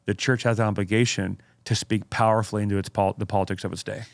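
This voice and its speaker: A man's voice: fairly low pitch, level tone, gravelly, dry recording. A man co-hosting a casual podcast as a pastor, talking emphatically and with conviction. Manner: emphatic, fervent, reads quotes with dramatic slowing.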